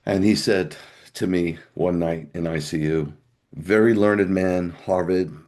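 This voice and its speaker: A man's voice: low voice, unhurried, a little mellow. A middle-aged man, a rabbi, telling a personal testimony as an interview guest in a conversational storytelling way with wry humor.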